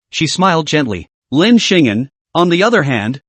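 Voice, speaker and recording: A man narrating a comic story recap in a steady storytelling way. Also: on the high side, moderate pace, hardly any pauses, no echo.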